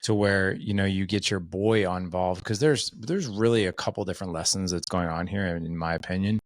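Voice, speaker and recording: A man's voice: low voice, a little fast, no echo. A man hosting a podcast in casual conversation, upbeat and affirming, asking curious questions. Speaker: podcast host.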